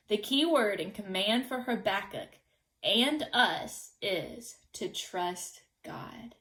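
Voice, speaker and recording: A woman giving a scripted daily Bible devotional in a measured way, reading scripture passages aloud. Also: mid-range voice, rough recording. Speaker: devotional teacher.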